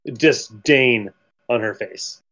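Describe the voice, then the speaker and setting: A man's voice: medium pitch, very slow, pushed and bright. A man chiming in casually with joking asides while discussing a show. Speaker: podcast co-host. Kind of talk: casual chat. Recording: dull lo-fi sound.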